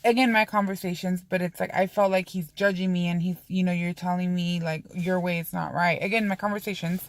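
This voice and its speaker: A woman's voice: fairly low pitch, fairly even intonation, a little fast, dry recording. A woman vlogging in a casual, confessional way, rambling candidly with frequent swearing and lots of "you know" and "um". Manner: heavy use of fillers like "you know" and "um".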